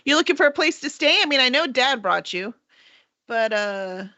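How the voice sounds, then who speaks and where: A woman's voice: high-pitched, lively intonation, moderate pace, pushed and bright, dull audio. A woman running a tabletop game as game master, narrating and voicing the people her players meet.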